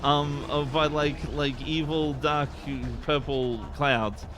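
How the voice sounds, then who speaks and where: A man's voice: fairly high pitch, steady tone, takes it slowly, over music. A man with an Eastern Australian accent, chatting casually on a game stream in a rambling, laid-back way and laughing often. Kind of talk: casual live-stream chat.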